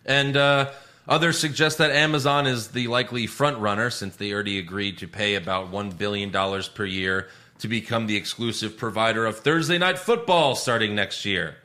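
A man with a low, bright, forward voice co-hosts a casual podcast. He reads news items and chats at a relaxed pace. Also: moderate pace. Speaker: podcast co-host. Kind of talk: casual chat.

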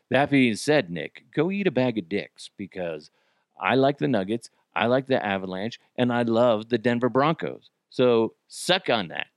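Profane, ranting man with a lively voice. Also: mid-range voice, no echo, studio quality. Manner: profane, exasperated venting with sudden yelling. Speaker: podcast host. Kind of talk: solo ranting podcast.

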